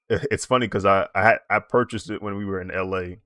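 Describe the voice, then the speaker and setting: Casting note: laid-back male streamer who rambles and laughs often; deep voice, dry, close sound. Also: fairly even intonation, fairly quick, bright, forceful tone, no echo. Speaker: streaming digital artist. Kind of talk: casual chat while drawing on stream.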